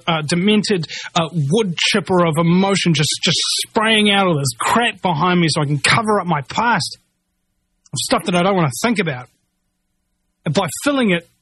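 Male commentator, high voice, dry recording; angry rambling rant full of restarts. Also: fairly bright tone, dry recording. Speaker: commentator reading news. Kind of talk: ranting monologue.

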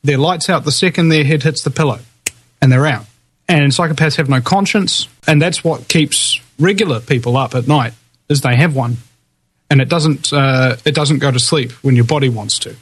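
A man's voice: medium pitch, normal speed, slightly rough. A man on a talk radio show, explaining his views at length in a thoughtful way, with many uhs.

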